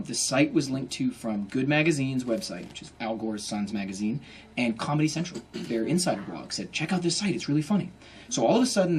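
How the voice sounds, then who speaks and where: A man in his thirties telling a comic story to a bookstore audience, quick and laughing often, acting out the people he quotes. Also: mid-range voice, slight background noise. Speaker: author giving a bookstore talk. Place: bookstore event.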